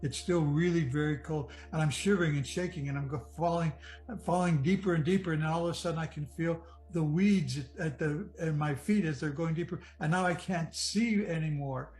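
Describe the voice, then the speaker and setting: A man from Michigan giving an earnest personal testimony about nearly drowning, reflective and halting, often restarting his sentences. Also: a little high, low-quality recording. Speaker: near-death experience storyteller. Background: soft music.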